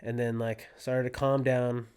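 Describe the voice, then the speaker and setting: A young man from California, a guest on a podcast, telling a story in a casual, animated way and acting out his own quotes. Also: mid-range voice, unhurried, smooth. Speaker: podcast guest, disc golfer.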